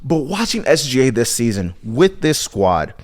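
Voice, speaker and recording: Animated American man hosting a podcast. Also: mid-range voice, normal speed. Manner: animated, repetitive, playful asides. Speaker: podcast host. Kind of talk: casual solo commentary.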